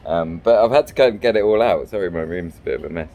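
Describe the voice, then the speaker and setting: A man's voice: low voice, fast talker, warm tone, dull audio, a little hiss or hum. A man from England, telling a meandering travel story with lots of ums and restarts. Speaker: vlogger and fairy maker. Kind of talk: rambling travel anecdote. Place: small hotel room.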